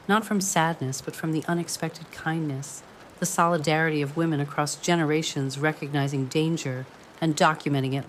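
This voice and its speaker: Woman narrator, low voice, measured ornate storytelling, faint background hiss. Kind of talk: scripted drama narration.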